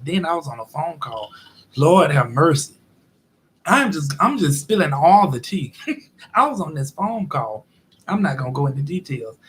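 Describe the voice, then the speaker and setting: This show host has a high voice with a breathy edge. Animated and exasperated, he rants casually about an everyday incident, playing both parties in the dialogue himself.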